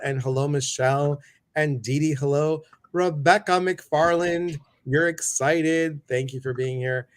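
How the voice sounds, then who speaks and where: A man hosting a casual livestream talk show, chatty and upbeat as he greets viewers one by one. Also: medium pitch.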